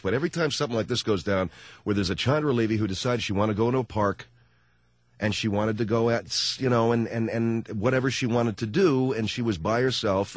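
A man hosting a radio call-in show, telling a story with lots of energy and acting out both sides in a high mock voice. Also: no echo. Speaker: radio talk show host.

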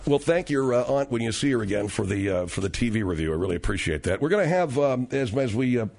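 Fast-talking male radio host. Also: medium pitch, animated, gravelly, darkish tone. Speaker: radio talk show host. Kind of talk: radio talk show.

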